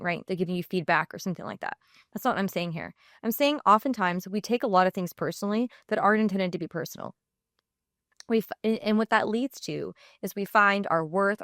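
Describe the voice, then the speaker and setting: A woman's voice: medium pitch, fairly bright tone, dry recording. Chatty woman in her thirties, dry close sound. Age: 30s. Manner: chatty, heavy use of "like" and "you know"; earnest, reflective advice-giving. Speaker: podcast host. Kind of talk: casual solo podcast talk.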